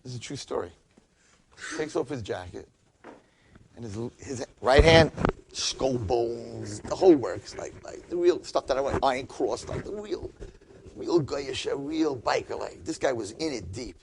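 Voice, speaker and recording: A middle-aged rabbi telling an inspirational story in a chatty, informal way, acting out the dialogue and building to excited peaks. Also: male voice, medium pitch, unhurried, vocal fry, background noise.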